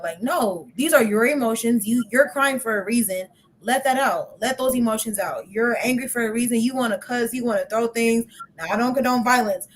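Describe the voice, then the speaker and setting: A woman's voice: on the high side, brisk, a little hiss or hum. A young woman hosting a podcast in casual chat, talkative and laughing often, with many "like" fillers. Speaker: podcast host.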